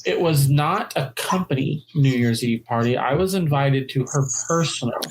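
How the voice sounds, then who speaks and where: A player in a storytelling game who asks the prompts and then speaks in a measured, unhurried way. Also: medium pitch, a little hiss or hum, low-quality recording. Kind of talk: in-character storytelling game talk.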